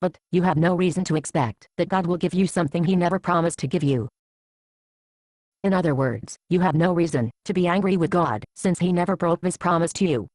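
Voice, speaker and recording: A woman's voice: fairly low pitch, brisk, darkish tone, no echo, natural voice. A woman playing a blunt churchgoing friend. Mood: matter-of-fact. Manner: blunt, dryly teasing. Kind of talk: amateur Bible drama acting.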